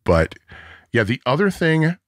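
A man's voice: a little high, sing-song, measured pace, no room sound, clean studio sound. A man co-hosting a casual music podcast, humming parts of songs to make his points. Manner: sings sounds and riffs to show music. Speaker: podcast co-host.

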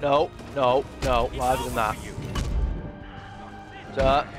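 A man's voice: medium pitch, flat delivery, takes it slowly, over music. Chatty guy commenting on a game. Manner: exasperated, chatty. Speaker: gaming streamer. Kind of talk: casual gameplay commentary.

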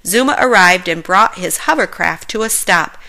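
A woman reads a children's picture book aloud in a clear, expressive way. Her voice is very bright and forward, and she keeps the story moving for young listeners. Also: fairly low pitch, moderate pace. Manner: clear, expressive reading for kids. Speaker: storybook reader.

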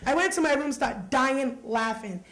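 Brief: teen girl, fairly high voice, casual wry storyteller, stage monologue. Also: lively intonation, normal speed, a crowd in the background. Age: teens. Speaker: youth monologue performer. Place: small stage.

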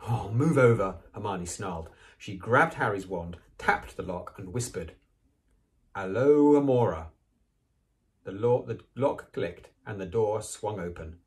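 A man reading a children's novel aloud, with expressive, animated storytelling. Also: sits low, unhurried, few pauses. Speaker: reader.

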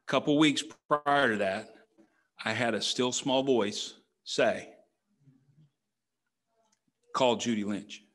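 A man's voice: medium pitch, takes it slowly, a bit bright. A middle-aged man, a pastor, preaching a conversational sermon in a church, full of rhetorical questions. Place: church sanctuary.

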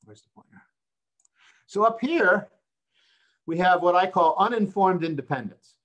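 A man's voice: high voice, measured pace, a bit bright, highs cut off. An older man, a professor of accounting, giving an online seminar lecture, explaining step by step with rhetorical questions and frequent "right?" checks.

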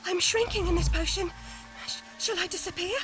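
An actress playing a wry young heroine in a video game, speaking in a clipped way. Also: female voice, very high voice, fairly even intonation, brisk, a bit bright, a little hiss or hum.

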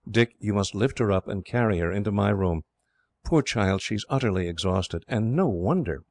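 A man voicing a kindly, motherly English woman who speaks gently. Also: fairly low pitch, animated, moderate pace, no echo. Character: warm, motherly English widow.

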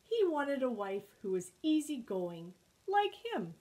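Woman librarian, storytime reader, high voice, unhurried. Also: low-quality recording. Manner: expressive, animated storyteller. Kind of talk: storytime read-aloud.

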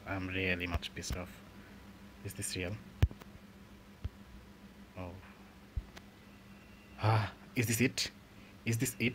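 A man's voice: low voice, steady tone, slow, pauses often, noisy background. A young man commentating his football video game in frustration, swearing often and grumbling. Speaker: gaming channel host.

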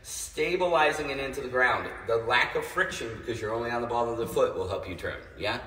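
A man's voice: medium pitch, brisk, bright, forceful tone, a little hiss or hum. Man calling ballet steps from afar. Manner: counts out steps in rhythm, checks in with "yes?". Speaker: ballet teacher. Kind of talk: streamed ballet class instruction. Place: home room, dancing away from the camera. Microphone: phone or camera mic from across the room. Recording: roomy, distant, with piano music. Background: piano music playing.

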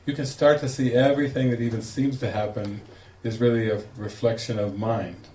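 Male spiritual teacher, mid pitch, animated storyteller, roomy distant sound. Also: fairly quick. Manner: animated, laughing storyteller acting out quotes. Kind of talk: storytelling talk to a group. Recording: echoey room, distant mic, faint noise.

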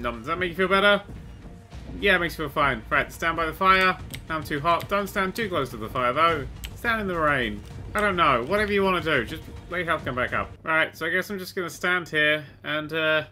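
A young man commentating a survival game, excitable and sweary, often shouting at the creatures he fights. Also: a little high. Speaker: gaming host. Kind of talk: let's play commentary.

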